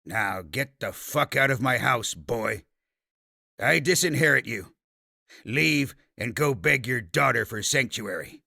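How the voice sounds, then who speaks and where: An audiobook narrator playing a stern aged dragon-slayer patriarch who speaks slowly and firmly, with a commanding manner. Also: male voice, mid-range voice, expressive, vocal fry, pushed and bright, no echo, clean studio sound, heavily acted. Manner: commanding, slow and firm.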